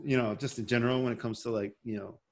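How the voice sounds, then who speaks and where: A man's voice: mid-range voice, steady tone, fast. A man hosting a podcast in casual chat, rambling and emotional as he talks. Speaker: podcast host.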